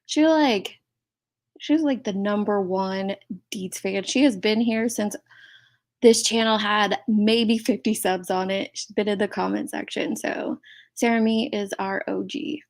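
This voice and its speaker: A woman's voice: medium pitch, steady tone, measured pace, vocal fry. A middle-aged woman hosting a livestream, reacting to a clip with indignant commentary and thanking chat members. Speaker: commentary channel host.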